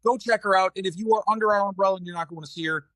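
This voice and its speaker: A man's voice: sits high, very fast, fairly bright tone, dry recording, clean studio sound. A man with a Boston accent hosting a casual podcast, teasing his panel and reading sponsors like an announcer. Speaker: podcast host.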